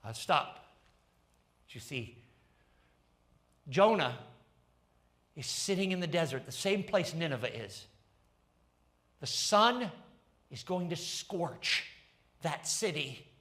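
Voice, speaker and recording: Male pastor, high voice, unhurried delivery, animated and fervent. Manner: animated, rising to fervent emphasis. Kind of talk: sermon. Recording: livestreamed sermon.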